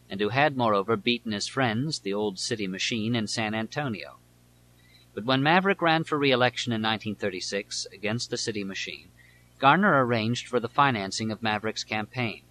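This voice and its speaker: A man reading nonfiction aloud as an audiobook narrator, in a measured, deliberate way. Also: on the low side, fairly bright tone, slight background noise, rough recording.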